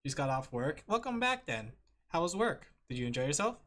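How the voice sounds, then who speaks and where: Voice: medium pitch, sing-song, brisk, fairly bright tone. A streamer chatting casually with viewers while drawing, rambling, laughing often and talking straight to the chat. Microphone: streaming microphone with headphones. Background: faint music.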